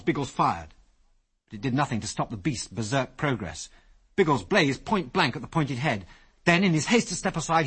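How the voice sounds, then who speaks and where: A man narrating an adventure story as an audiobook, with lively, expressive storytelling. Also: medium pitch, slightly rough.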